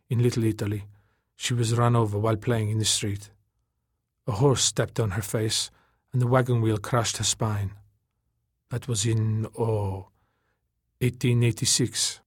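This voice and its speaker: A man voicing a soft-spoken, husky, wry woman in an audiobook, talking gently and steadily. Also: on the low side, no echo, clean studio sound.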